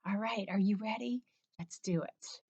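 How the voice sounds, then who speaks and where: A woman's voice: medium pitch, moderate pace, warm tone, slightly rough, no echo. A woman teacher leading children through a morning routine in an encouraging, sing-song, playful way. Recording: slightly dull lo-fi recording.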